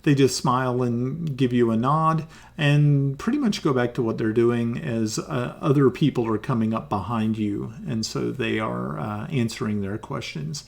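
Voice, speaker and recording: A man's voice: medium pitch, normal speed, creaky, hardly any pauses. A man narrating as game master, hesitant, with many ums and restarts.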